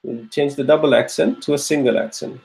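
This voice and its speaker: This man runs an online grammar class, patiently repeating his drill questions and praising students by name as they answer. His medium-pitched voice stays steady, a little fast, creaky, and slightly mellow. It's a live lecture on a rough recording.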